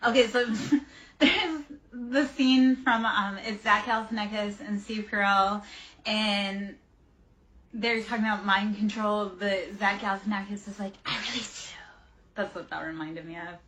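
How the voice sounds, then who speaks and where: A woman's voice: medium pitch, fairly even intonation, unhurried, fairly bright tone. A woman in her forties hosting a livestream tarot reading, chatting casually with viewers and drifting off on tangents. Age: 40s. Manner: chatty, rambling, goes off on tangents while answering chat. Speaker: tarot reader and livestream host.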